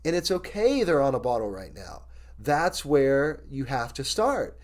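A male pastor preaching a sermon in an earnest, candid, personal way, reading scripture slowly and deliberately. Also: mid-range voice, big pitch swings, darkish tone.

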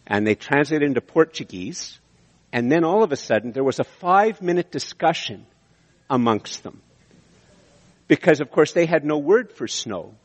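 Canadian pastor preaching in a reverberant hall. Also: male voice, on the high side, normal speed. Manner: animated, rising to emphatic peaks, frequent restarts and chuckles. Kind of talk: sermon.

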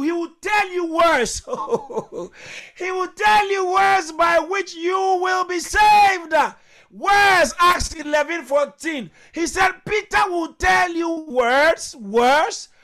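A man preaching a fervent sermon in a very high, bright voice. He shouts his lines, calls on listeners to repeat after him and breaks into tongues between phrases. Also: takes it slowly. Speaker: pastor.

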